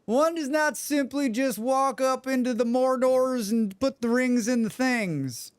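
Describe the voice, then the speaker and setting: A man's voice: very high voice, a little slow, clean tone, no echo, voice pushed up. A man doing a hammy British movie impression. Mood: playful. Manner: exaggerated, playful.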